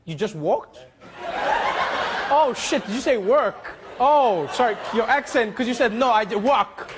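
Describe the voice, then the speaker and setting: A man's voice: extremely high pitch, animated, unhurried, heavy background noise. A man from South Africa hosting a comedy talk show, chatting with the audience and slipping into silly put-on voices. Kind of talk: improvised comedic crowd work. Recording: studio audience laughter behind voice. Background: crowd laughter and ambience.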